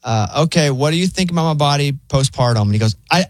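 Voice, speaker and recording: A man chatting casually as a show host, an animated storyteller who acts out the lines he quotes. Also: a little high, quick pace, dry recording.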